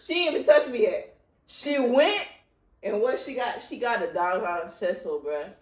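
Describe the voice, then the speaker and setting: Woman, casual storytelling, animated, laughing, mid pitch, echoey room. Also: normal speed, crowd noise. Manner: animated, laughing, acts out voices in her stories. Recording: roomy echo.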